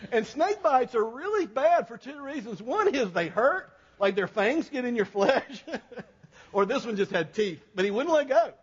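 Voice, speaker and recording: A man's voice: very high voice, husky. A male pastor preaching a sermon, telling a folksy story and joking with the congregation. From American South. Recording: long hall reverb, dull sound.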